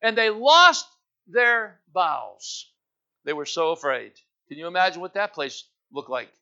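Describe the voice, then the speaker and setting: A man preaching a sermon, building to loud fervent peaks and calling out to the congregation. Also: sits high, sing-song, measured pace. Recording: dull lo-fi sound.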